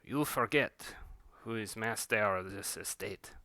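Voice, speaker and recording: A man's voice: on the low side, unhurried, sharp tone, dry recording. A man putting on a haughty estate master.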